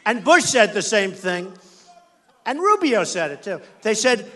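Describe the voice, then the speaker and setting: A man's voice: high-pitched, big pitch swings, measured pace, pushed and bright. An American man giving an emphatic, repetitive campaign rally speech as a political candidate on a stage microphone in a large indoor venue.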